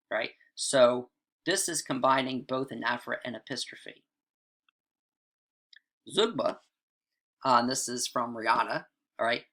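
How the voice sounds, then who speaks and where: A man's voice: medium pitch, pushed and bright. Guy teaching writing, casual lecture, keeps saying right? and all right. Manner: chatty, frequent "right?" and "all right" asides.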